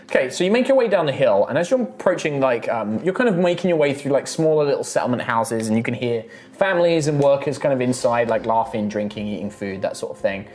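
A man's voice: medium pitch, animated, quick pace, hardly any pauses, darkish tone. A man narrating as game master of a tabletop game, describing scenes loosely with lots of fillers.

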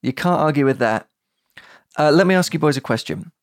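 A man's voice: a little high, lively intonation, brisk, no room sound, studio quality. A man co-hosting a podcast, chatting playfully and mock-sternly. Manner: playful, mock-stern, quotes lines in put-on voices. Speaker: podcast co-host. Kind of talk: casual banter.

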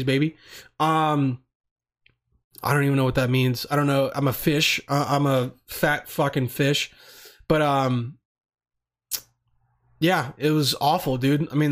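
A young man talks on his own in a loose, rambling way, swearing freely and restarting his sentences. His voice sits a little higher than most men's. He sounds relaxed and chatty. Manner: rambling, profane, laid-back. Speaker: vlogger answering questions. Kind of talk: casual monologue.

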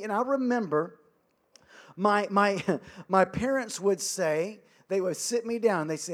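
A middle-aged man preaching a sermon, energetic, humorous and self-deprecating. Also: sits high, normal speed. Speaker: pastor.

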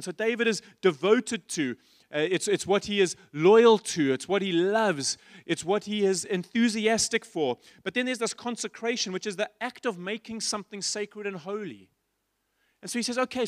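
A man's voice: sits high, no echo, clean studio sound. A man preaching a sermon in church, passionate and repetitive, asking his listeners rhetorical questions. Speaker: pastor.

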